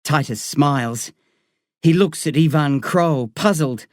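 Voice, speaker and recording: A woman reading a first-person story as an audiobook narrator, in a slow, tense, dramatic way. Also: low-pitched, no echo, studio quality.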